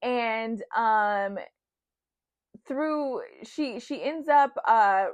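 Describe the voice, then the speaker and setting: A woman's voice: a little high, extremely slow, muffled recording. A woman enthusiastically reviewing her favorite books, rambling, correcting herself and gushing with praise. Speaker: book reviewer. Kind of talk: casual book review vlog. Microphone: new desk mic.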